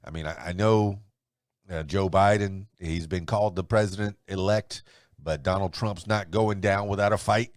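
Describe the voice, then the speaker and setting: A man's voice: low voice, steady tone, moderate pace, no room sound, clean studio sound. A man hosting a solo podcast, rambling and chuckling as he chats and then runs through the day's news. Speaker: podcast host.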